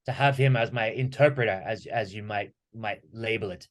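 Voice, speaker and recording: A man guesting on a podcast, talking lively and acting out questions and quotes as he tells stories about training. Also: fairly low pitch, moderate pace. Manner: animated storyteller who acts out quoted questions. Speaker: podcast guest, martial arts instructor. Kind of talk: conversational podcast talk.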